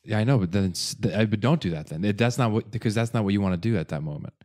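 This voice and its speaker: Low-voiced laid-back man on a podcast. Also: lively intonation, very fast, darkish tone. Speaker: podcast co-host. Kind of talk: casual chat.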